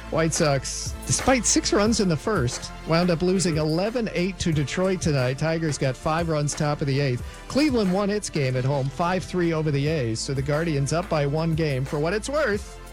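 A man reading a brisk, matter-of-fact rundown of scores as the sports update anchor in a radio studio. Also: on the high side. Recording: music bed under voice.

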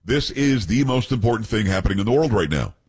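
A man's voice: fairly low pitch, lively intonation, quick pace, a little mellow, husky. A man hosting a talk radio show, reading news aloud with blunt opinions and joking asides to his co-hosts.

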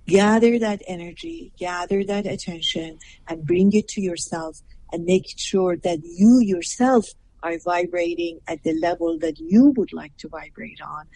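A woman with a lowish, mellow voice speaks as a podcast guest. She gives advice in a measured, emphatic way and acts out short back-and-forth exchanges to make her points. A faint steady noise sits behind her. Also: rough recording. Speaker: guest, personal growth teacher.

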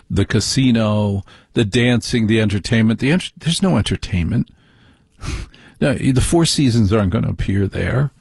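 A man's voice: medium pitch, creaky, darkish tone, breathy edge, no room sound, clean studio sound. A man hosting a talk show, delivering an opinionated monologue in a ranting, conversational way full of rhetorical questions.

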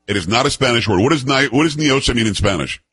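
A brash, joking man hosts a talk radio show, talking fast with a lively, swooping voice. His tone has a husky edge. The studio sound is dry and close. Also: medium pitch, no room sound. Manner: brash, joking, wisecracking storyteller. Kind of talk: casual talk radio banter.

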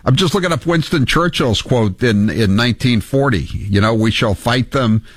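A man hosting a talk radio show, indignant and animated, reading quotes aloud and taking calls. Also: medium pitch, normal speed, husky, no room sound. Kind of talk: talk radio, opinionated commentary.

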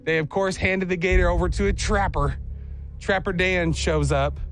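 A high-pitched man hosts a radio show, telling a story with lots of animation and playful silly voices. A faint music bed sits underneath him. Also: normal speed, a bit bright. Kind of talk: casual morning show banter.

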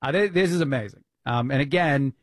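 A man's voice: medium pitch, fairly quick, no room sound. A man with a New Jersey accent, filling in as a talk radio host, talking politics in a chatty, opinionated way with plenty of fillers. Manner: opinionated, conversational, many fillers.

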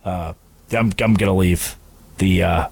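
A man mocking a smug coach, lowered drawl. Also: fairly even intonation, unhurried, gravelly, breathy edge, dry recording, heavily acted.

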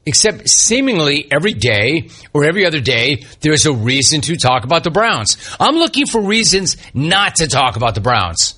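Husky, bright-voiced sports radio man. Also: on the high side, sing-song, normal speed, hardly any pauses. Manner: emphatic, punchy, opinionated. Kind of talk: opinionated sports talk radio. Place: radio studio.

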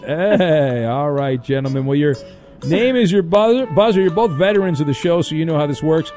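High-voiced male sports radio host. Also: lively intonation, moderate pace, dark tone, soft background music. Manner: playful, teasing quizmaster. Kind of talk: sports radio game show hosting.

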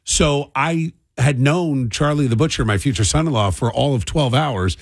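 A man's voice: mid-range voice, normal speed, no room sound. A middle-aged man hosting a morning radio talk show, telling rambling stories and ranting. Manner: rambling, animated storyteller who rants. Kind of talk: morning radio banter and commentary.

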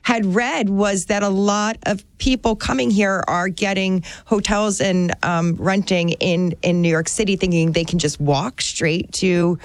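A woman chatting casually as a co-host, playful and quick to laugh as she jokes around. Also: medium pitch, fairly even intonation, dry recording. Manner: playful, laughs often, jokingly puts on accents. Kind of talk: casual chat.

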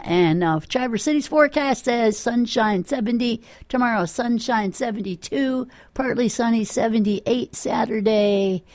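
A woman's voice: mid-range voice, a little mellow, no room sound. A woman working as a rock radio DJ, chatting through weather and ads with lots of fillers. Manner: chatty, rambling, with many fillers. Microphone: studio microphone.

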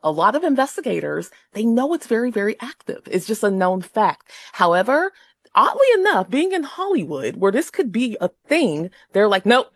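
A woman speaking as a guest paranormal investigator on a call-in radio show. She talks in an animated, expressive way, with quick restarts. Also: medium pitch, no room sound. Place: Los Angeles.

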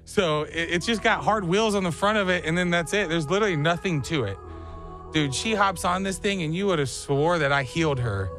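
Young guy with a high voice, animated, acting out his story for laughs, faint music underneath. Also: fairly quick. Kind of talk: comic storytelling.

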